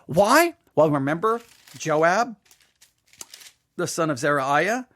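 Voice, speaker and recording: A man's voice: high-pitched, animated, normal speed, a bit bright, no echo, studio quality. A man teaching a Bible passage in a loose, conversational way, often restarting words and checking in with "all right?".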